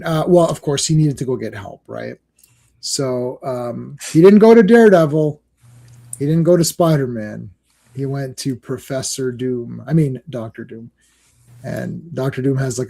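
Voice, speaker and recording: A man's voice: medium pitch, measured pace, gravelly, dark tone. A man co-hosting a casual comic book chat, rambling, laughing often and quoting scenes in other voices. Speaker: podcast co-host. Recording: livestream call.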